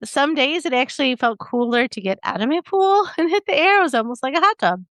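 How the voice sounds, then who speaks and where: High-pitched american mom chatting on her podcast, dry close mic, trails off with lots of yeahs. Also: sing-song, brisk, a bit bright, no room sound. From United States. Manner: chatty, laughs easily, trails off with fillers. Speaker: podcast host. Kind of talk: casual chat.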